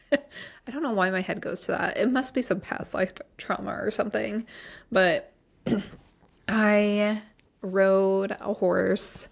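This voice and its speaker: Woman, podcast host, casual rambling monologue, lots of fillers, gravelly vocal fry. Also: mid-range voice, fairly even intonation, takes it slowly, long pauses. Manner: chatty, rambling, heavy use of fillers like "like" and "um".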